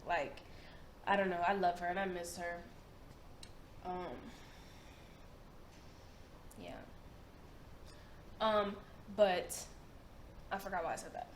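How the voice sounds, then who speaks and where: A woman's voice: lowish voice, slow, pauses often. Chatty young woman in an echoey room. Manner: chatty, emphatic, repeats herself, slangy. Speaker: reaction video host. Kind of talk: casual chat reacting to a video. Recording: roomy echo, faint noise.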